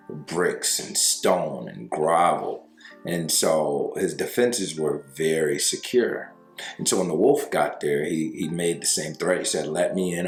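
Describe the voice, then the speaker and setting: Deep-voiced male breakup coach, conversational storyteller, roomy room with faint music under it. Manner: conversational, with fillers and slow emphasis. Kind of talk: storytelling advice monologue.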